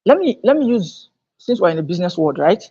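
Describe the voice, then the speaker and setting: A woman speaking at a business seminar. She talks emphatically, repeats her words as she restarts phrases, and climbs higher and louder on her key points. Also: big pitch swings, brisk, slightly rough. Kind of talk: motivational business seminar talk. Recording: dull lo-fi sound.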